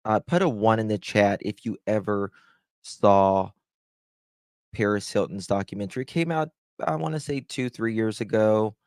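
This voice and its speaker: Male stream host, relaxed chat style, affectionate with his viewers, lowish voice, dead dry sound in a room at home. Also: normal speed, no room sound. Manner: greets viewers by name with pet names. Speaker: true crime live-stream host. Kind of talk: casual live-stream chat. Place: room at home with blinds closed.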